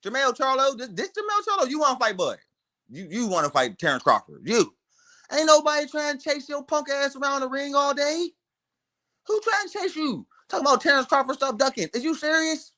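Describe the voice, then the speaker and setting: Mocking, animated man trash-talking. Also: very high-pitched, fairly quick. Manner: mocking, profane, laughing, repeats himself. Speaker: streamer. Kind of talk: trash-talking boxing commentary.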